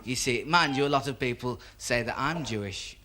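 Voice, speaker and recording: A man's voice: medium pitch, normal speed, crowd noise. A man doing stand-up with a rambling, self-mocking patter. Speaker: stand-up comedian. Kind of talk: stand-up joke telling. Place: comedy stage with live audience.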